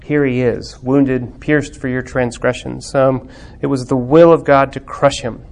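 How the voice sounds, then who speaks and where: A man's voice: mid-range voice, fairly even intonation, unhurried, vocal fry, darkish tone. Guy teaching a bible class, thoughtful, lots of ums, gets fervent. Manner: reflective, with many fillers, rises to fervent emphasis. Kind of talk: lecture on theology and religious art.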